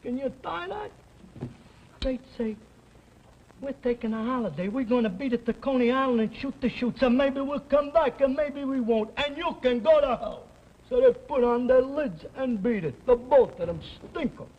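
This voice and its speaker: A brash, hot-tempered New bartender and pimp who talks in street slang. His voice sits very high. The sound is dull, old TV audio. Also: expressive, moderate pace. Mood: sneering. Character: tough young bartender pimp, quick-tempered. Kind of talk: 1960 television drama acting.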